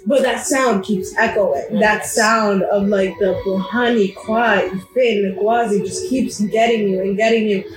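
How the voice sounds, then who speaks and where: A woman running a tabletop game as game master, narrating to a player in lively second person. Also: medium pitch, a little slow, few pauses. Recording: roomy echoey room.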